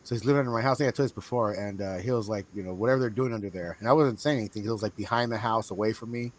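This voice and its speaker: Fast-talking, profane man telling stories. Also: on the low side. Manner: rambling, profane, animated storyteller. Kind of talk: casual chat, storytelling.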